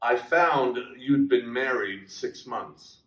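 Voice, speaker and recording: A man reading a story aloud, voicing a scarred young man who speaks softly and with resignation. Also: mid-range voice, lively intonation, takes it slowly, roomy sound, far from the mic, voice pushed down, low-quality recording. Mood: subdued. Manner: soft, subdued.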